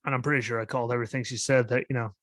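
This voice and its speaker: A man's voice: medium pitch, steady tone, rapid-fire, fairly bright tone, no room sound. A man hosting a solo wrestling podcast, talking in a skeptical, exasperated rant full of "like" and "literally". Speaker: podcast host.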